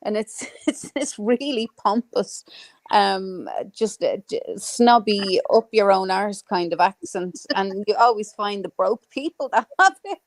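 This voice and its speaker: A woman's voice: mid-range voice, lively intonation, a little slow, dry recording. Chatty woman hosting a live stream. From Ireland. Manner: rambling, swears freely, many fillers. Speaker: livestream host. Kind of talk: casual chat. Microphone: home microphone on a live stream.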